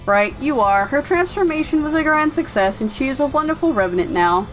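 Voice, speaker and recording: A woman's voice: high-pitched, lively intonation, brisk, soft background music, poor audio. A woman voicing a scheming, pompous male villain doctor who gloats with a theatrical laugh. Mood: gloating.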